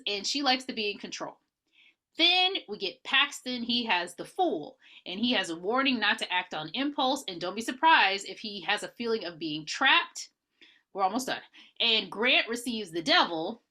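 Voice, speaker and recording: Woman podcast host, bright voice that jumps around a lot, chatty recap. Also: a little high. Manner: animated storytelling with playful asides. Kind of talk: casual movie recap chat.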